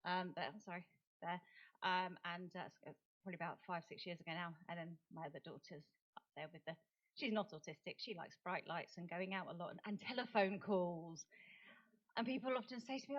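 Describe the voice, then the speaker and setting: A woman's voice: lowish voice, a little fast. Self-deprecating English woman giving a chatty talk. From England. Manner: self-deprecating, chatty, with many fillers and restarts. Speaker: autism campaigner and speaker. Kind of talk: conversational talk at a forum. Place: lecture hall. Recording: dull lo-fi recording.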